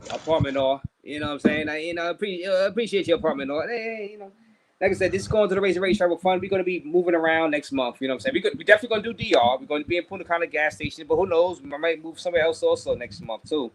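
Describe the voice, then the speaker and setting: A man's voice: a little high, fast. A man hosting a casual livestream, thanking viewers and stumbling over repeated words while he drinks. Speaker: livestream host.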